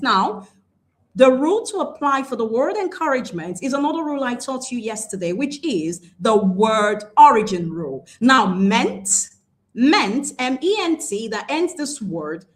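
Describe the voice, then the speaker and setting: A woman with a Nigerian English accent teaches a pronunciation lesson. Her voice sits a little higher than most. She speaks deliberately and repeats important words, slowing down to stress them. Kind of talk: classroom lesson.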